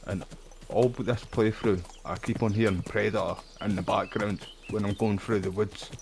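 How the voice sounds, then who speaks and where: A man's voice: lowish voice, steady tone, normal speed, creaky, noisy background. A Scottish man streaming live gameplay, rambling in a chatty way and swearing casually. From Scotland.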